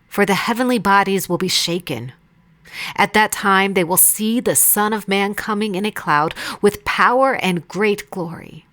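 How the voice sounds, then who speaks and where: A woman reading Bible passages aloud in a measured, deliberate way. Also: fairly low pitch. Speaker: Bible reader. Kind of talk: scripted scripture reading.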